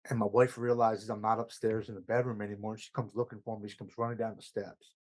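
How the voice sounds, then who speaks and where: A man's voice: fairly low pitch, flat delivery, fast, a little mellow, rough recording. A man, a podcast guest, recounting his recovery story in an earnest, emotional way, stammering over words at times.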